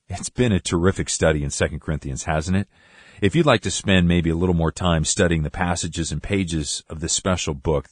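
A man's voice: deep voice, slightly rough, no echo. A man hosting a radio Bible program, reading scripted announcements in an encouraging way.

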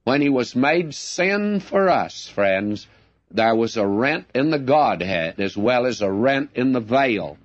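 Man, Bible teacher, unhurried delivery, earnest and plain, dry muffled recording. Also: mid-range voice, sing-song, dry recording. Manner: earnest, plainspoken, addresses listeners as friends.

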